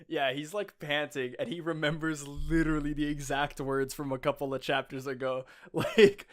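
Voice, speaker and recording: Guy cohosting a podcast, kinda high voice, excitable, laughs and swears a lot. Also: normal speed. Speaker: podcast co-host. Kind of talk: casual chat.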